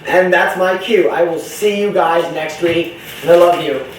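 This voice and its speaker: Young man, campy chatty vlogger, slightly high voice, echoey room, set back from the mic. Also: moderate pace, recorded from a distance, slight background noise. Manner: chatty, profane, campy, jumps between topics. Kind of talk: casual rambling monologue. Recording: roomy echo, voice from off-mic.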